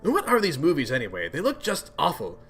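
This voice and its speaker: A man's voice: on the high side, wildly swooping pitch, quick pace, fairly bright tone, husky, soft background music, full character voice. Guy doing a bossy alien troll girl, super condescending, big swooping delivery. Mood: haughty. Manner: haughty, condescending. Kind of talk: webcomic read-aloud voice acting.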